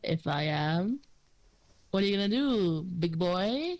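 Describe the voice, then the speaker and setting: A woman's voice: on the low side, expressive, slow, a little mellow. A woman narrating as game master of a tabletop game, in a teasing, casual way with many fillers.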